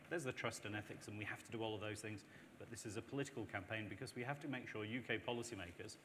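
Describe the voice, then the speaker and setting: A man speaking on a panel, making an emphatic, persuasive case. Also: on the low side. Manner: emphatic, persuasive, animated with mock voices. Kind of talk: panel discussion. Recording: long reverb in a hall, faint noise.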